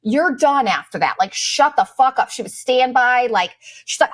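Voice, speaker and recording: A woman's voice: a little high, lively intonation, unhurried, fairly bright tone, no room sound. A middle-aged woman telling a travel story in a casual, profane, exasperated and sarcastic way. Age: late 30s to 40s. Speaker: vlogger.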